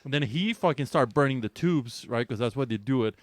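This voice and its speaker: A man co-hosting a podcast, telling a raunchy story in casual chat, animated and swearing freely, with bursts of laughter. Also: mid-range voice, brisk, no echo, studio quality. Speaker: podcast co-host.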